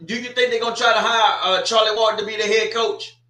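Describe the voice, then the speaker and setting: A man's voice: high voice, fairly even intonation, a little fast, pushed and bright. A man co-hosting a podcast, talking in a brash, teasing way about football. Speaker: podcast co-host. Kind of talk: casual podcast chat. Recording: echoey room.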